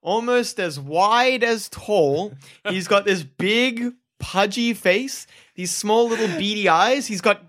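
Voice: mid-range voice, takes it slowly, fairly bright tone. A game master, narrating a tabletop game in loose, self-correcting descriptions.

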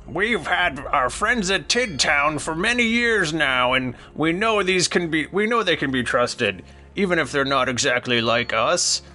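A man voicing grumbling elderly male dwarves on a war council, pitched high and drawn out slowly. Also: lively intonation, bright, forceful tone, faint music behind, full character voice. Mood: earnest.

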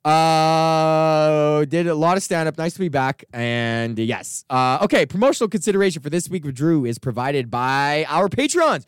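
A man hosting a comedy podcast, telling a rambling, profanity-laced story in a casual, animated way. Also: on the high side, moderate pace, smooth, no echo, clean studio sound. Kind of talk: casual ranting monologue.

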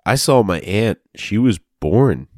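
A man's voice: on the low side, lively intonation, slow pace, darkish tone, dry recording. A man co-hosting a casual podcast, laid-back, tossing in dry factual asides. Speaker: podcast co-host. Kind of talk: casual chat.

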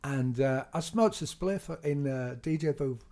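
A man's voice: medium pitch, measured pace. Chatty middle-aged man. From England. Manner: animated, laughs often, swears. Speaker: DJ guest. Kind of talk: casual storytelling interview.

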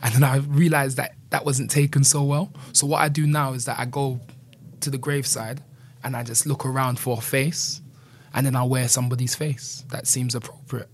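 A man's voice: medium pitch, level tone, moderate pace, a little hiss or hum. A man speaking earnestly and candidly as an interview guest, often adding "you know". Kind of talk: reflective conversational interview.

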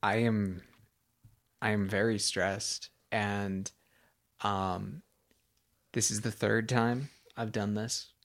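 A man's voice: fairly low pitch, flat delivery, slow pace, long pauses, fairly bright tone. A tired young man co-hosting a podcast in casual chat, rambling and self-deprecating, often restarting his sentences. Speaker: podcast co-host.

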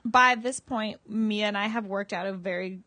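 A woman co-hosting a podcast, telling stories in an animated, chatty way with lots of fillers. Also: mid-range voice, normal speed, no room sound. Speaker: podcast co-host. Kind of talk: casual chat.

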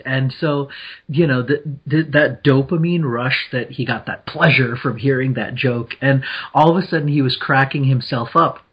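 A podcast co-host talks slowly in a husky voice and giggles through his explanations. He rambles and restarts often. The recording sounds dull and lo-fi. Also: mid-range voice. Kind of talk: casual podcast chat.

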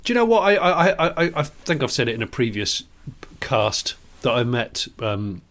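A man's voice: mid-range voice, normal speed. A man, co-hosting a casual podcast chat, ranting and swearing freely. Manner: swears a lot, animated ranting. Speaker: podcast co-host.

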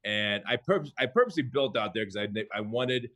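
A man, a chef from the United States, telling stories in a relaxed interview, restarting phrases and acting out what others said. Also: medium pitch, fairly quick. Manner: animated, restarts phrases, acts out quoted chefs. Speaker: chef and guest. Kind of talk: conversational storytelling.

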